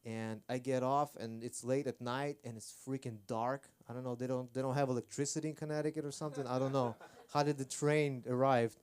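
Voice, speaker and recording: A man's voice: mid-range voice, fairly even intonation, brisk, few pauses, darkish tone. A man performing rambling, self-deprecating stand-up on a comedy club stage. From Armenia.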